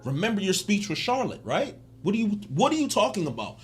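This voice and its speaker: A man talks through his video essay in a loose, joking way, full of slang. His voice sits on the high side for a man. Faint music plays underneath. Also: wildly swooping pitch, a little fast. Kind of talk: casual video essay commentary.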